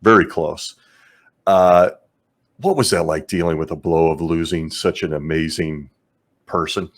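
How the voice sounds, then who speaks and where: A man's voice: sits low, unhurried. A man hosting a casual interview, responding with enthusiasm and laughing along with his guest. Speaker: interview host.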